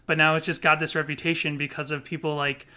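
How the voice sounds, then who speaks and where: A man's voice: on the high side, level tone, fast talker, sharp tone. A man in his forties co-hosting a podcast, chatting casually in a joking, teasing way. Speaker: podcast co-host. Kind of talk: casual chat.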